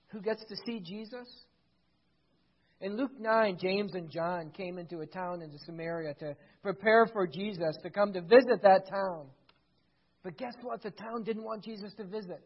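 A pastor preaching a sermon, dramatic, swinging between hushed passages and loud, emphatic ones. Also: mid-range voice, slightly rough. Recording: slightly dull lo-fi recording.

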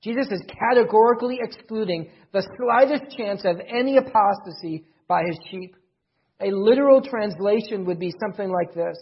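Husky-voiced man preaching with emphasis. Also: sits high, normal speed, dull audio. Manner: emphatic, repeats key phrases for stress. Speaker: pastor. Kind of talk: sermon.

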